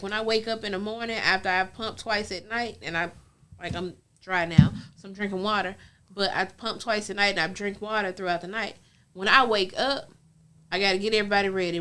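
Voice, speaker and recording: A woman's voice: mid-range voice, sharp tone. A woman co-hosting a casual talk show, telling frank stories in a chatty, down-to-earth way with a Southern US accent. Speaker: podcast co-host. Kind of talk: casual chat.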